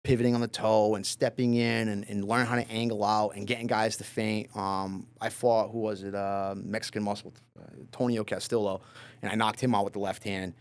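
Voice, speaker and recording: Low-voiced fighter telling stories casually. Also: male voice, brisk, clean tone. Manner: relaxed, loose and profane, lots of fillers. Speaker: professional MMA fighter, podcast guest. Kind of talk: casual interview storytelling.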